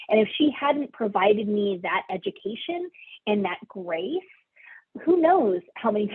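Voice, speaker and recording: A woman social worker presenting a webinar, talking in a conversational way with fillers and light laughs. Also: mid-range voice. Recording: husky voice over a tinny phone-like line.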